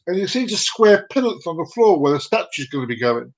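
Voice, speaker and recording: Playful chatty man, joke-telling host, animated sing-song voice. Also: high-pitched, fairly quick, low-quality recording. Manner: chatty, playful, giggles at own jokes. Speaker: host of a live comedy show.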